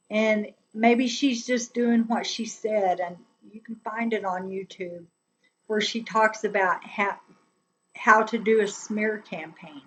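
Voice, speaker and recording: A woman chats slowly and loosely to her live stream viewers, laughing often as she rambles along. Her voice sits at a middle pitch, and a faint noise hums underneath. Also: steady tone, a bit bright, low-quality recording. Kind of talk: casual political chat on a live stream.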